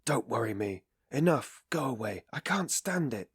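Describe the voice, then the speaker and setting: A man's voice: medium pitch, lively intonation, normal speed, husky, dry recording, clean studio sound, voice pushed up. A man voicing an irritable, feverish young student who speaks in curt, exhausted bursts.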